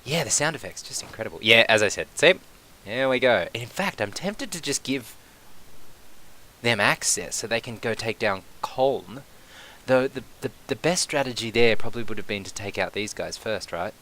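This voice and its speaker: Excitable man thinking aloud over a game. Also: mid-range voice, normal speed. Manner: swears casually. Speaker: gameplay commentator. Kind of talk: casual let's-play commentary.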